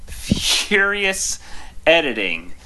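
A man co-hosting a comedy podcast in casual chat, playful and quick to tease. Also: a little high, wildly swooping pitch, sharp tone, a little hiss or hum, low-quality recording. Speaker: podcast co-host.

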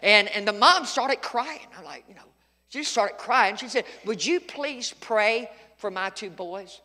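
A man's voice: sits high, expressive, a little slow, bright, forceful tone, long reverb tail. A middle-aged male pastor preaching a sermon, telling folksy stories with sudden emphatic outbursts.

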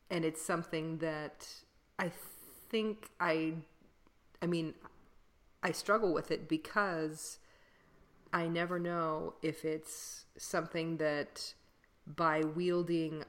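Lady with a low voice, chatty podcast co-host, lots of laughs and ums. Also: steady tone, slow. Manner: laughs often, rambling with fillers. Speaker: podcast co-host, classical singer. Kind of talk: casual chat.

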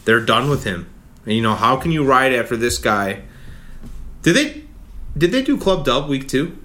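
Bright-voiced man on a heated profane rant. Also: medium pitch, very animated, moderate pace. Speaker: podcast host. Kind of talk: ranting sports talk.

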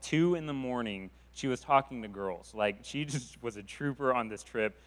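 A man speaking as a youth pastor to a congregation, relaxed and rambling. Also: mid-range voice, moderate pace, few pauses. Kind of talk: church talk. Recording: reverberant hall.

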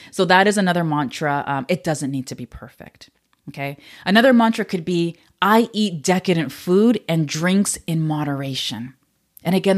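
Chatty woman podcast host, slightly low. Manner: chatty, candid, laughs often, many fillers. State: emotional, a little choked up at times. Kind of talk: casual solo podcast talk.

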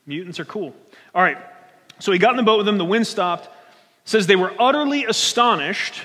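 A man preaching a sermon as pastor, conversational and animated, often restarting his phrases. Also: high-pitched, fairly quick. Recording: long hall reverb.

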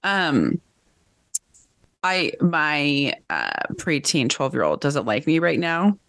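A woman co-hosting a casual book club chat, talking in a chatty, animated way and laughing easily. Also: deep voice, slow pace, no echo, studio quality. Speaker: podcast co-host.

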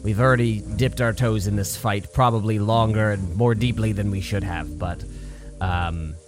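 Low-voiced folksy male player. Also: fairly even intonation, moderate pace, music in the background. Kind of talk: in-character tabletop play.

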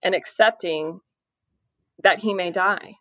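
A woman speaking earnestly about parenting a son with addiction, in a measured way with many fillers. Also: on the low side, fairly bright tone, no echo. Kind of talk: conversational podcast interview. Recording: dry, muffled lo-fi audio.

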